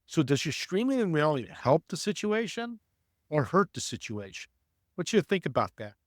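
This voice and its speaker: Upbeat male guest, acts out anecdotes, higher-pitched, dry booth sound. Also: moderate pace, no room sound. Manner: animated, acts out voices in anecdotes. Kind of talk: storytelling interview talk.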